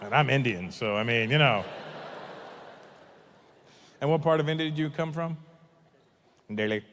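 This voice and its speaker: Wry man quizzing an audience member. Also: moderate pace. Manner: wry, low-key questioning. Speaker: comedian chatting with audience. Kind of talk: crowd work. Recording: hall reverb with faint noise.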